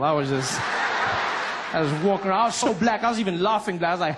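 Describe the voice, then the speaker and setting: A man from Africa, performing a lively stand-up comedy routine and acting out voices. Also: high voice, fast talker, a loud crowd, heavy background noise. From South Africa. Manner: animated, acts out voices and laughs.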